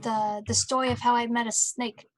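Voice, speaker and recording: A woman takes her turn in a tabletop role-play game. She speaks with a slightly high voice, stumbling and restarting as she goes. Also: level tone, moderate pace, slight background noise. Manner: hesitant, stammering. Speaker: player.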